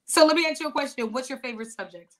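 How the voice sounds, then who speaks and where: A woman's voice: sits high, expressive, rapid-fire. A woman hosting a podcast, chatting casually and rambling a little, with frequent restarts and laughs. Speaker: podcast host. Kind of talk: casual interview chat.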